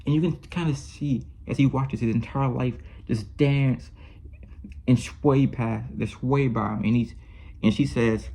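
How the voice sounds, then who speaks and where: A man's voice: medium pitch, normal speed, creaky, dark tone. A man talking through a film in a casual review monologue. He gushes and rambles, often restarting and correcting himself mid-sentence. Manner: rambling and effusive, with many restarts and self-corrections.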